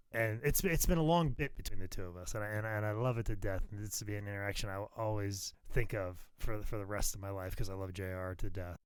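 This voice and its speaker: Loud, profane wrestling podcast man. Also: lowish voice, clean tone, no room sound. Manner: animated, profane storyteller, swings loud. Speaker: podcast co-host, pro wrestling worker. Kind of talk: casual podcast chat.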